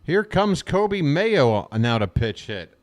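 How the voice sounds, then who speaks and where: Sing-song and taking it slowly, a man delivers live fan commentary on a baseball game, chatty and full of wisecracks as he talks back to his chat between pitches.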